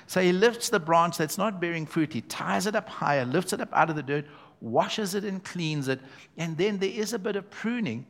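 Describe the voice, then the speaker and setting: A man's voice: high voice, animated, moderate pace, gravelly, a bit bright. Man preaching an emphatic sermon. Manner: emphatic preaching with congregation call-outs. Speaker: pastor. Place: church.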